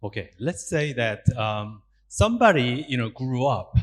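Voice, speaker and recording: Animated Korean-accented man giving a talk. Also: medium pitch, measured pace. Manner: animated, asks the audience questions, acts out quotes. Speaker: Buddhist monk speaker. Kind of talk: public talk.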